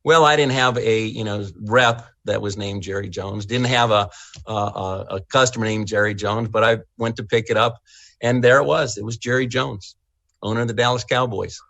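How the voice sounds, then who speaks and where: A middle-aged man with a gravelly, creaky edge to his voice, telling folksy stories in an animated way and often stumbling over his first words. The sound is dry and close, with no room around it. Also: fairly low pitch, normal speed, no echo. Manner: folksy, animated storyteller who repeats and restarts words. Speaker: state senate candidate. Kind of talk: interview answers.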